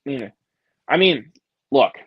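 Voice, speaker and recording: A man's voice: mid-range voice, expressive, a little slow, slightly rough, no echo. A man co-hosting a casual chat, rambling hesitantly with many restarts and fillers. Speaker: podcast co-host. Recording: dry, dull sound.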